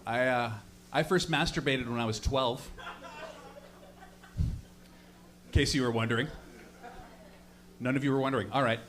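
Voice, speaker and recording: A man's voice: medium pitch, steady tone, unhurried, long pauses, a bit bright. A young man performing a rambling, profane stand-up set on stage, laughing at his own stories. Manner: loose, rambling storytelling with frequent laughs and profanity. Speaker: stand-up comedian. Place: comedy stage before a live audience.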